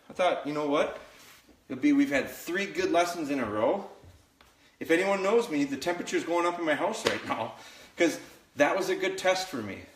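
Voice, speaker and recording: A dog trainer with a slightly high, somewhat bright voice speaks candidly to viewers during a live training demo in his home kitchen. He coaches them directly, and the kitchen sounds echoey with faint noise.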